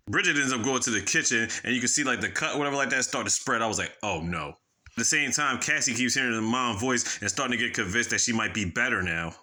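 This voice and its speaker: This man's mid-range voice sounds bright and forceful as he casually recounts a horror movie's plot. A movie reviewer giving a spoiler recap, he's profane and rambling and acts out the characters' reactions.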